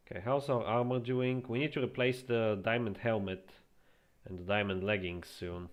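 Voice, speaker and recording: A man with a fairly low voice talks through his gameplay at his computer, relaxed and musing aloud. He often restarts his sentences as he thinks. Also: normal speed. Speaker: streamer. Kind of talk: casual gameplay commentary.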